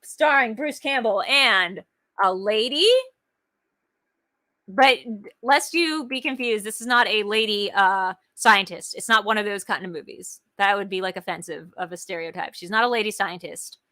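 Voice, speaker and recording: A woman co-hosting a casual chat over a video call, talking in an excitable, jokey and rambling way. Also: medium pitch, moderate pace, no room sound. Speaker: co-host.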